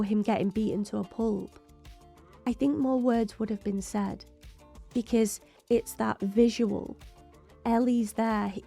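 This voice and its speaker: A woman's voice: a little high, vocal fry, dark tone. A woman hosting a TV reaction video, talking through her thoughts in long rambling runs while losing her voice. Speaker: reaction channel host. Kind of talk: TV reaction commentary.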